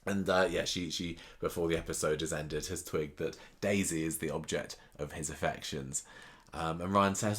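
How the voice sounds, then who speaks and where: A man's voice: a bass voice, steady tone, moderate pace, fairly bright tone. A man co-hosting a podcast, recapping episodes with sarcastic asides in a casual chat. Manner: sarcastic, mimics characters in quotes. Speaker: podcast co-host.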